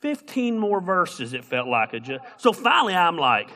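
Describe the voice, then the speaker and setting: A man preaching a sermon as a pastor, telling a story in an animated, humorous way. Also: sits high, normal speed.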